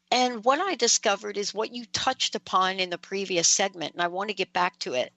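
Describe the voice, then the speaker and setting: A woman hosting a radio talk show, chatty and animated as she tells a story. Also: medium pitch, moderate pace, hardly any pauses, dry recording. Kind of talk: casual radio interview.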